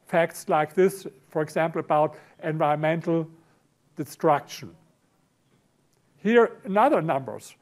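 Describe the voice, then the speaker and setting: A middle-aged man from Berlin with a German accent, lecturing a conference audience, halting and repeating words, often clearing his throat. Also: sits high, a little mellow. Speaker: conference speaker. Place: conference hall.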